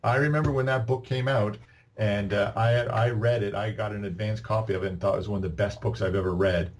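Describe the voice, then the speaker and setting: A podcast guest born in Canada talks quickly in a lowish voice, telling long, casual stories that ramble, restart again and again, and include animated quotes of what people said.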